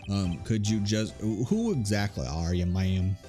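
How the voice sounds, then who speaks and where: Low, mellow-voiced male streamer. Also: measured pace, faint music behind. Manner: playful, self-mocking, swears. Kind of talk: reading a game aloud with commentary.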